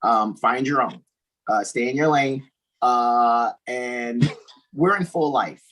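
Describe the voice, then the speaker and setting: A man's voice: medium pitch, slow, a bit bright, poor audio. A man hosting a casual podcast, talking in an emphatic, preachy way and often repeating "all righty". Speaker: host.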